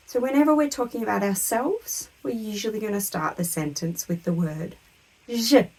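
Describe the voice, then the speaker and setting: A woman teaching a beginner French lesson to camera, speaking patiently and modelling each word clearly for learners to repeat. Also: medium pitch, a little fast, a little mellow, rough recording.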